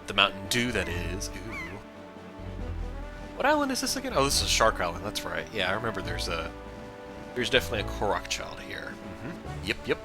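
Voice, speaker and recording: A man with a lowish voice talks his way through a video game in loose, rambling commentary, full of goofy, self-mocking asides. Game music plays clearly behind him the whole time. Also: very animated, quick pace. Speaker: let's play host.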